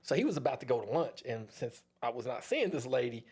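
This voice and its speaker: A man, a dentist guest on an interview show, telling a story in a casual, animated way. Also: mid-range voice, a little fast, slightly rough. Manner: animated, acts out others' voices.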